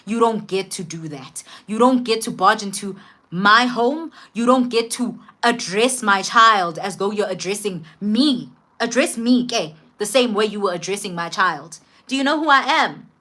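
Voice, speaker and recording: A woman voicing a stern, protective middle-aged father who warns firmly and slowly. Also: medium pitch, expressive, sharp tone. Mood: stern warning. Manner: slow, firm, warning.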